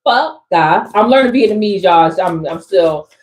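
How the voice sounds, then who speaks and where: Speaking briskly in a fairly low, slightly mellow voice, this East Coast woman reads tarot live for an audience as a spiritual coach. Her delivery is emphatic and slangy, with repeated phrases, and the recording is low quality.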